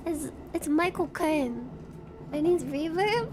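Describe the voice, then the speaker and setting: A sleep-deprived woman streaming a game live, giggly and excitable, chatting and thanking viewers. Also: high-pitched, a little slow, heavy background noise. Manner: giggly, excitable, switches into silly voices.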